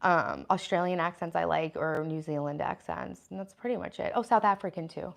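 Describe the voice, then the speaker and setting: Chatting from her home kitchen on a casual livestream, an American host reads viewer comments out loud and responds to them. Her voice is on the low side with vocal fry, and she talks a little fast.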